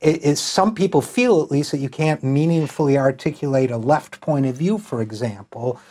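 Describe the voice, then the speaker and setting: A man's voice: a little high, normal speed, a little mellow. Rambling middle-aged male interview host. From Utica, New York. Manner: rambling, musing questions.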